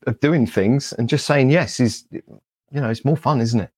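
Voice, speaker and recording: His British-accented voice is medium in pitch, husky and a little mellow, moving at a moderate pace. A Paralympian guest speaker, he animatedly narrates his story in an interview, mimicking past exchanges with self-deprecating humor.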